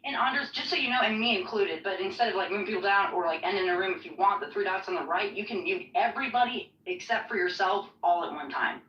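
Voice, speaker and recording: A woman's voice: medium pitch, fast, hardly any pauses. A woman speaks bluntly in an online debate room, often with a sarcastic edge. Her audio is dull and lo-fi, and she sounds distant in an echoey space.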